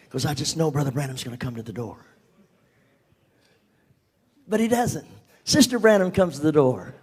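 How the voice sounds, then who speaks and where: An older man telling a personal story to a congregation, animated and at times dropping to a whisper. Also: a little high, normal speed, long pauses, breathy edge. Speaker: speaker giving a testimony.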